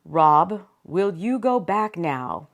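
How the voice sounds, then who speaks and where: A woman voicing a booming divine presence, speaking in a solemn, commanding way. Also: very animated, slow, exaggerated voice.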